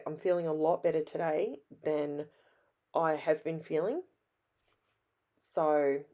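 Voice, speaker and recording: Aussie lady with a scratchy sick throat, chatty craft voiceover, slow and kinda low. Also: darkish tone. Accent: Australian. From Australia. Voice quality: raspy. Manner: chatty, rambling and self-deprecating. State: hoarse from illness. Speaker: scrapbooking vlogger. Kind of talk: casual voice-over narration.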